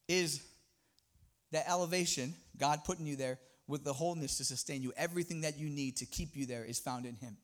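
A man preaching a sermon in a church, impassioned and swinging between loud and quiet. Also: on the high side, a little fast. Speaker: guest preacher.

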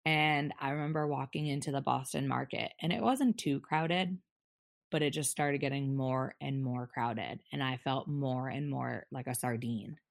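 Very low-pitched woman with a gravelly voice. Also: steady tone, no room sound, studio quality. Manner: candid, halting, many restarts and fillers. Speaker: guest. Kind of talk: personal storytelling in a podcast interview.

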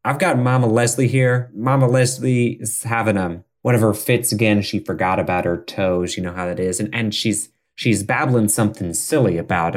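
A man's voice: on the low side, close to an everyday voice. A man doing a brash frontier sheriff. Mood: gruff.

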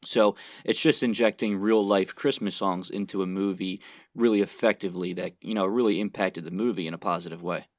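A man with a deep, low voice talks loosely and at length, filling his thoughts with ums and you-knows. The sound is dry and close, with no room around it. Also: fairly even intonation, brisk, no room sound. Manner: rambling, thinking aloud with fillers. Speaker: podcast co-host, movie reviewer. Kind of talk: casual chat.

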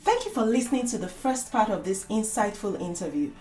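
A woman's voice: medium pitch, lively intonation, fairly quick, a little mellow. A woman hosting a podcast, reading a scripted, inviting outro. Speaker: podcast host. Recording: echoey room.

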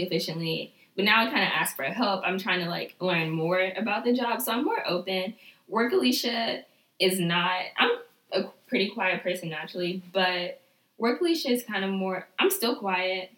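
A young woman chatting candidly about her working life, leaning on "like" as she goes. Her voice sounds bright and clear. It carries a noticeable room echo. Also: on the low side. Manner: candid, fills speech with "like". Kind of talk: casual chat.

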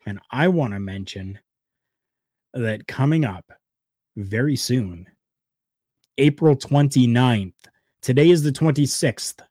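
A man hosts a podcast in a casual, heartfelt way, his voice jumping from loud bursts to quiet, soft asides. His voice sits at an ordinary middle pitch. The sound is dry and close, with no room echo. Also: expressive, slow pace, pauses often. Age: adult, former wrestler. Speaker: podcast host.

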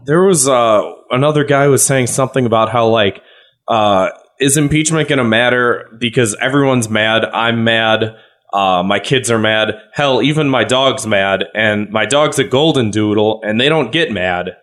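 A man's voice: medium pitch, normal speed, fairly bright tone. Rambling profane podcast man. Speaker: podcast co-host. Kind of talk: casual crude podcast banter.

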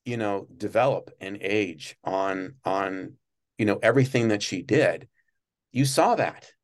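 A man being interviewed, telling long, rambling stories about his work at a TV studio and breaking into quick impressions of people. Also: on the low side. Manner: rambling, many restarts, animated when mimicking others. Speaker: guest recalling work at a TV studio. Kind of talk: casual interview storytelling.

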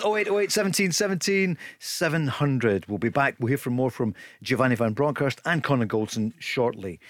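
A man hosts a football phone-in from a radio studio. He keeps the links brisk and throws in jokes. His voice sits at a middle pitch, recorded close and dry. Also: no echo. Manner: jokey, brisk presenter links. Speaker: radio football show host. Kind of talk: casual radio sports chat.

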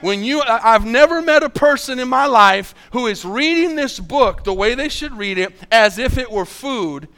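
A man preaching a sermon, earnestly asking the congregation questions and reading scripture slowly. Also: extremely high pitch, lively intonation, vocal fry, bright, forceful tone, clean tone. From United States.

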